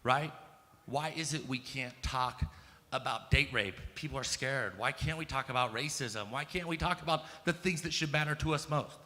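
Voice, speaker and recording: Speaking at normal speed in a mid-range voice that sounds pushed and bright, an American man in his thirties tells a personal story at a conference. He's casual and profane, filling his speech with "like" and "um" as his emphasis rises, and the large hall gives long reverb with faint ambience.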